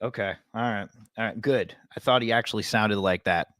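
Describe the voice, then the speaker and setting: Low-voiced man, laid-back sports chat. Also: a little fast, no room sound, studio quality. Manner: relaxed, rambling, many fillers. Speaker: sports podcast co-host and radio reporter. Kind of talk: casual chat.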